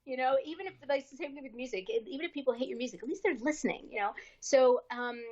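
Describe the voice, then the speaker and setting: An actress being interviewed on a podcast, telling a career story in a casual, lively way and acting out the people she quotes with changing voices. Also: high-pitched, quick pace, muffled recording. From US East Coast. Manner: lively, acts out quoted dialogue with shifting voices.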